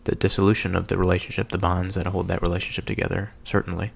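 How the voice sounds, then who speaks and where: A man giving a slow, halting contemplative reflection on a scripture reading, pausing often and thinking aloud as he goes. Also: low-pitched, level tone, creaky. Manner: slow, halting, with many pauses and fillers. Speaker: solo speaker reflecting on scripture.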